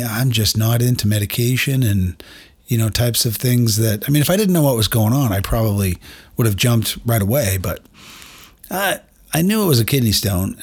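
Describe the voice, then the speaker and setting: A middle-aged man with a slightly husky, breathy voice, pitched in an ordinary middle range. He hosts a podcast and tells a personal story in a candid, self-deprecating way, often turning to speak straight to his listeners. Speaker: podcast host.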